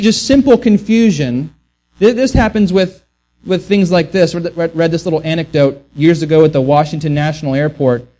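A man's voice: a little high, warm tone. A man preaching a sermon earnestly, often restarting words and acting out the voices he quotes. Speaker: pastor.

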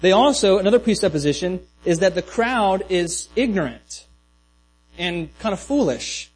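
A man's voice: high-pitched, lively intonation, moderate pace, slightly rough, rough recording. A man preaching a sermon in a loose, conversational way, with many restarts and asides. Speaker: pastor.

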